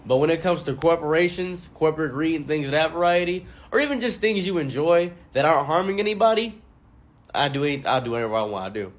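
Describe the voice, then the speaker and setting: Man, comedic storyteller, animated, joking, acts out the people he mentions, fairly high voice. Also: quick pace. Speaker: commentary YouTuber.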